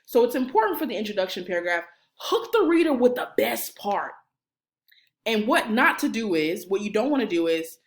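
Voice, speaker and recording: A woman, a college career services director, coaching viewers through cover letters on camera in an animated, playful way, talking straight to the viewer. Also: mid-range voice, moderate pace. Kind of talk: energetic instructional video.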